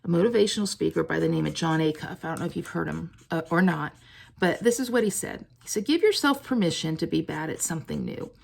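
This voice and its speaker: A woman's voice: low-pitched, expressive, fast, creaky, a little mellow. A woman hosting a casual stamping tutorial, chatting to viewers in a self-deprecating way while she colors. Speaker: crafting video host.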